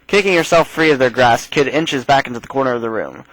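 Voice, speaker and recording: A man's voice: medium pitch, quick pace, few pauses, no room sound, poor audio. A man hosting a let's play, casually reading a text game aloud and adding his own asides. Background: faint game music.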